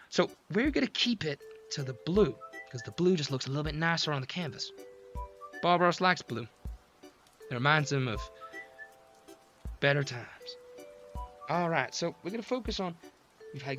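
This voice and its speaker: A man doing an impression of a soft-spoken, calm male TV painting instructor who gives slow, gentle directions while painting on a livestream. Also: on the high side.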